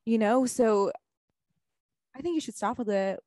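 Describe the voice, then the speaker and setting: A woman's voice: on the high side, unhurried, dark tone, no room sound, studio quality. A woman hosting a podcast, chatting casually, emotional and encouraging, with many fillers. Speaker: podcast host. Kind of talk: casual interview chat.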